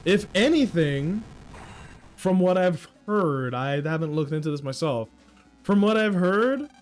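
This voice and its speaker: A young man from New York ranting casually on a livestream in a slangy, animated way. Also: on the high side. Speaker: streamer.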